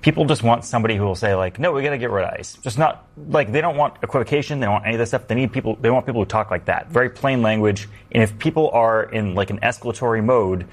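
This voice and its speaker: A man's voice: mid-range voice, fast talker, few pauses. A man on a political panel talking in a wry, joking way. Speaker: satirical commentator. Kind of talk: panel discussion.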